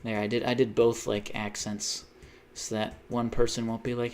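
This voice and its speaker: Guy streaming a game, rambly and cussy, hops topic to topic, mid-pitch voice. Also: flat delivery, normal speed, a little mellow, a little hiss or hum. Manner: rambling, profane, jumpy tangents. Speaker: gaming livestreamer. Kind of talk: casual chat while gaming.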